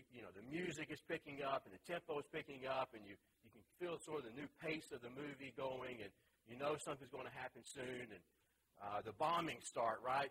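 A man's voice: medium pitch, fairly bright tone, slight background noise, rough recording. Chatty man teaching a Bible class. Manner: chatty storytelling, many fillers and asides. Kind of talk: casual teaching talk.

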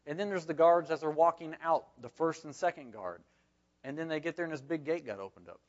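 A man's voice: a little high, brisk, highs cut off. A man leading a Bible study class, reading scripture aloud and explaining it in a folksy, conversational way with frequent asides.

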